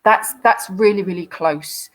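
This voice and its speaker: A woman's voice: medium pitch, unhurried, a bit bright, rough recording. A woman hosting a live Q&A, talking through viewer photos in a chatty, explanatory way with frequent fillers. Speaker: dog behaviourist host.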